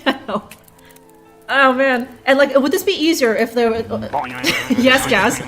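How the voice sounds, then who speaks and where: A woman's voice: sits high, fairly even intonation, slow, vocal fry, music in the background. A woman streaming a detective game live, rambling and laughing as she sounds out German words with frequent curses. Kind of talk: casual live gameplay commentary.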